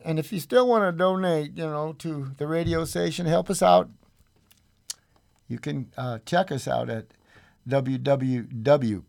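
Loose, joking male radio host, gravelly voice, unhurried delivery, guitar music playing under him. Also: medium pitch, darkish tone. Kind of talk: casual on-air radio chat.

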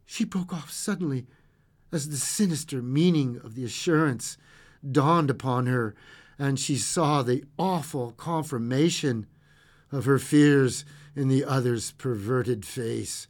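A man narrating a classic short story aloud in an expressive way, with occasional stumbles and chuckles. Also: medium pitch, takes it slowly.

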